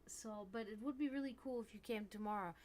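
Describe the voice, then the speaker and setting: A woman's voice: fast talker, darkish tone, a little hiss or hum. A woman hosting a casual livestream, rambling with many restarts and fillers, sounding tired. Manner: high baby talk to her cats. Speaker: livestream host.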